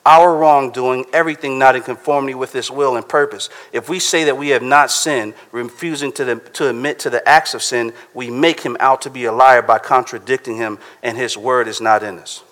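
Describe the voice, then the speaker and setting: A pastor, preaching a conversational sermon and reading scripture aloud slowly. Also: male voice, medium pitch, steady tone, a bit bright.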